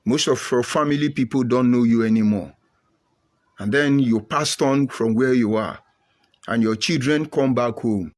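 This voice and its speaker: A man's voice: medium pitch, moderate pace. A middle-aged Nigerian man speaking with an emphatic, preachy drive. He hammers his points home and often repeats them. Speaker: commentator. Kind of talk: impassioned monologue.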